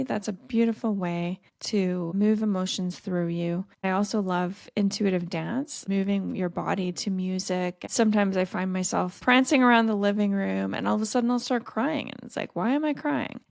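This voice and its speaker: A middle-aged woman hosting a solo podcast as a dating coach, talking in a gentle, earnest and encouraging way into a close mic. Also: medium pitch, vocal fry, no room sound.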